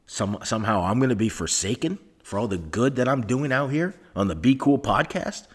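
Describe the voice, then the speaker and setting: A man's voice: mid-range voice, animated, moderate pace, husky. A man hosting a podcast alone, talking in a rambling, sarcastic way with swearing, recorded on a microphone into a laptop in a soundproofed room. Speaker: podcast host. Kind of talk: rambling solo podcast monologue.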